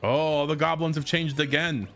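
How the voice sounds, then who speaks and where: Over soft background music, a man with a fairly bright, higher-leaning voice streams a video game at a moderate pace. He keeps it a casual let's-play, chatting and joking with viewers and reading the game's text aloud.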